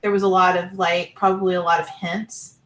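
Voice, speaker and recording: A woman's voice: lowish voice, level tone, a little fast, echoey room. A woman talking casually about spiritual experiences, rambling with many fillers and restarts.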